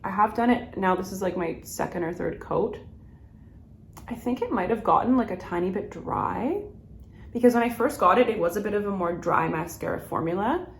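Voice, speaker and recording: Chatty young woman doing a get ready with me, bit of vocal fry, echoey room with a faint hum. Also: medium pitch, expressive, moderate pace. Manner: rambling, lots of "like", laughs often. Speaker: beauty vlogger.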